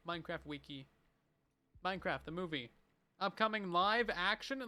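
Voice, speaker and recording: A young man livestreaming, chatting casually and playfully while reading viewer messages. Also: high voice. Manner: playful, animated, chatty with frequent laughs.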